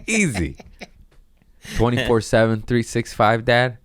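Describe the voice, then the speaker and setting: A man's voice: mid-range voice, very animated, slow pace, no echo, clean studio sound. A man hosting his own podcast, rambling crudely in a casual monologue and laughing at his own jokes. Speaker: podcast host.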